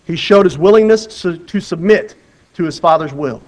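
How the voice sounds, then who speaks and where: Earnest preacher man, fairly high voice. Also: moderate pace, a little mellow, poor audio. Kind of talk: sermon with Bible reading.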